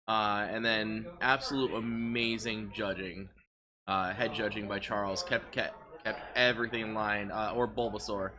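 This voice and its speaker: A man doing relaxed live commentary on a card game tournament, chatty and low on energy. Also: moderate pace, crowd noise. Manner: relaxed, chatty, lots of filler words.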